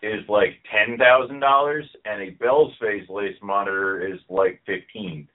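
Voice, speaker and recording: A man's voice: fairly low pitch, measured pace. A man with a Philadelphia accent hosting a podcast, talking in a rambling, friendly way full of fillers. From Philadelphia area. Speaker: podcast host. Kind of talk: casual podcast chat. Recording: phone-like call line.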